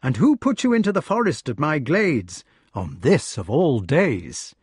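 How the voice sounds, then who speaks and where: A man's voice: fairly high pitch, sing-song, unhurried, a little mellow, breathy edge, no echo, voice pushed up, exaggerated voice. A man reading aloud as a cheerful, shrewd outlaw leader who commands with hearty ease. His voice rises and falls with life and carries a slight huskiness. The recording is close and dry.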